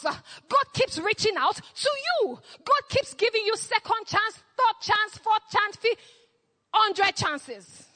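A woman with a high voice preaches with fervor, hammering home repeated refrains and prompting her congregation to respond. Her voice rings out with a long reverb tail, as if it fills a large church hall. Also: pushed and bright. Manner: impassioned, call-and-response exhortation with repeated refrains. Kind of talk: sermon.

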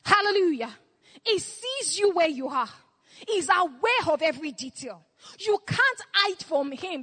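A woman's voice: very high-pitched, lively intonation, normal speed, pushed and bright, in a large hall. A woman preaching a sermon, repeating short refrains and urging the congregation to answer back. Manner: impassioned, call-and-response exhortation with repeated refrains.

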